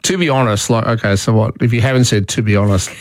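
A man hosting a talkback radio show, chatty and quick to laugh. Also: fairly low pitch, steady tone. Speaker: radio host.

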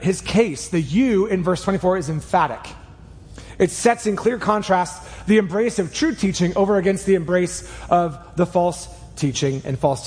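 A man preaching a sermon in a church, earnest and emphatic, speeding up and slowing down as he drives each point home. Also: sits high, darkish tone, long reverb tail. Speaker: pastor. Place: church sanctuary. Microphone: clip mic.

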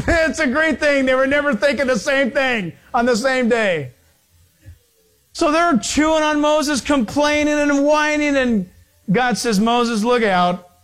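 Preacher, male, high-pitched, loose and jokey sermon, lively swings in pitch. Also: unhurried. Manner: rambling, jokey, laughs often, acts out characters; animated, jumps in pitch when quoting. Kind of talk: informal sermon.

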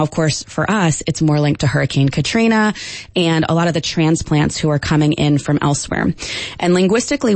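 A woman linguistics professor answering radio interview questions, explaining at a measured pace with frequent ums. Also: on the low side, darkish tone, no echo.

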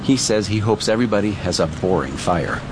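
A male reporter narrating a scripted news feature in a calm, descriptive way. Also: lowish voice, brisk, noisy background.

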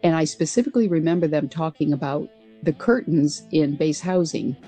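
A woman's voice: low voice, animated, a little fast, dark tone, soft background music. A woman who was a military pilot, telling her story as a radio interview guest in an earnest, reflective way.

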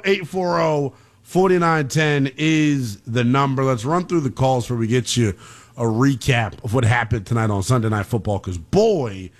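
A young man hosting a call-in sports radio show, ranting in a slangy, animated way. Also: medium pitch. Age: young adult.

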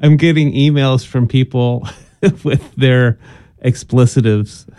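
A man's voice: mid-range voice, fairly even intonation, takes it slowly, warm tone, no echo, clean studio sound. A man co-hosting a radio show, chatting in easygoing banter and laughing often. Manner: giggly, easygoing. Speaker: radio co-host producer.

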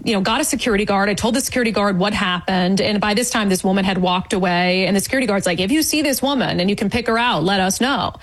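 A woman guest recounting an event in an interview, indignant and animated, acting out quoted remarks. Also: medium pitch, husky, poor audio. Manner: indignant, storytelling with quoted asides. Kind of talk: animated eyewitness account.

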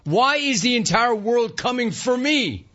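A man's voice: extremely high pitch, animated, unhurried, pushed and bright, voice pushed up, full character voice. A man playing a rattled young football star, speaking in an incredulous, anxious ramble. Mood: bewildered. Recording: slightly muffled radio broadcast.

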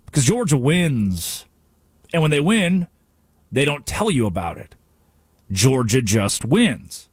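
Husky, animated male sports radio host. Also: medium pitch, takes it slowly, pauses often, no echo, clean studio sound. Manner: animated, ranting, sarcastic. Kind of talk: sports talk radio monologue.

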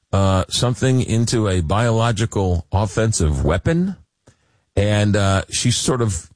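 A man's voice: on the low side, no room sound. A man hosting a radio talk show, joking and emphatic, often repeating words as he gets going. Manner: jokey, emphatic, repeats words when excited. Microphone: studio microphone.

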